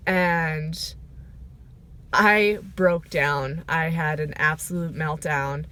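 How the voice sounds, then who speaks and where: Slow, reflective woman vlogger. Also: low-pitched, fairly even intonation, sharp tone. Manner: reflective, emotional, halting with fillers. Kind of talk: personal video diary. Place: sitting in her car. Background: rain.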